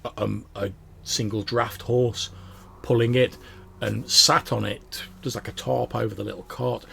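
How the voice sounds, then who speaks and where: Gravelly man narrating a tabletop game. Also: mid-range voice, fairly even intonation, unhurried, fairly bright tone, a little hiss or hum. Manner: casual, rambling with fillers. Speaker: game master.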